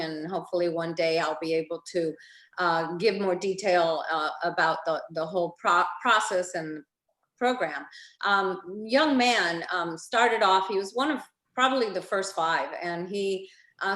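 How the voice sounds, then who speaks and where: Soft-spoken woman in an echoey room. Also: fairly low pitch. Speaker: foundation leader, roundtable moderator. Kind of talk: webinar roundtable storytelling. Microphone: video call.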